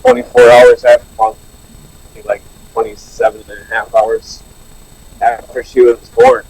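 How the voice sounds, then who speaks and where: Earnest man sharing haltingly. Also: fairly low pitch, level tone, a little mellow, husky, low-quality recording. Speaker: meeting participant sharing. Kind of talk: personal recovery share. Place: online meeting.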